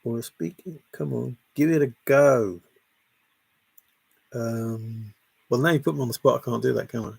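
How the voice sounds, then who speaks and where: A man reads out viewer comments and chats back to them, his voice rough with fry and a husky edge. The sound is dry and close. He rambles along casually, chuckling and teasing his audience. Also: medium pitch, measured pace, long pauses, no echo. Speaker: livestream host. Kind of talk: casual livestream chat, reading viewer comments aloud.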